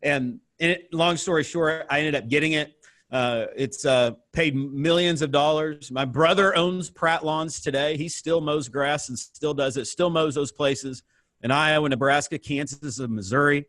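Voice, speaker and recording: An American man from the Midwest, in his thirties, tells his story as an interview guest. His voice sits somewhat high, and he talks in a lively, animated way, acting out the dialogue. The recording is dry and close, with almost no room sound. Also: a little slow, no room sound. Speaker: entrepreneur guest.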